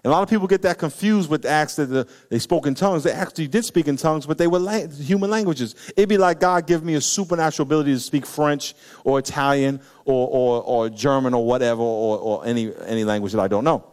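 Excitable preacher man. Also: a little high, fast, few pauses. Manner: animated, excitable preaching with bursts of loud emphasis. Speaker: pastor. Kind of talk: sermon.

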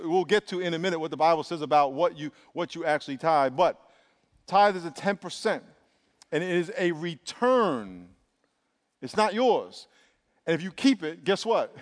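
A high-pitched middle-aged male pastor delivers an emphatic sermon, drawing the congregation into call and response. His voice carries the long reverb of a large church sanctuary.

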